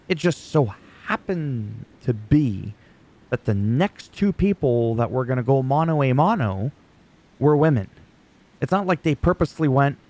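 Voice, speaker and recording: A man's voice: medium pitch, lively intonation, unhurried, dark tone. A man whose first language is French, ranting sarcastically and profanely as a YouTuber recapping wrestling. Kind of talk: ranting casual commentary.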